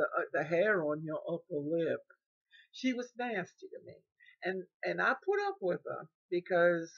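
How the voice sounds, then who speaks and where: A woman's voice: lowish voice, a bit bright, breathy edge, highs cut off. An older woman telling a personal story, often repeating words and restarting, and acting out the speech of others.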